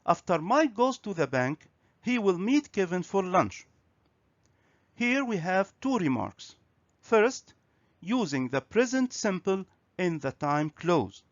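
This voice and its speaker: A man teaching a grammar and pronunciation lesson on video, speaking slowly and clearly. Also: high voice, sing-song, dry recording. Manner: slow, clear, instructive. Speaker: English teacher. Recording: dry, slightly dull recording.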